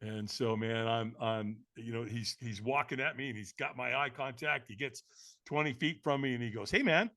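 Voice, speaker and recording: A man who is a podcast guest, telling a story in an energetic, emphatic way and acting out the other people in it. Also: medium pitch, moderate pace. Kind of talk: animated storytelling.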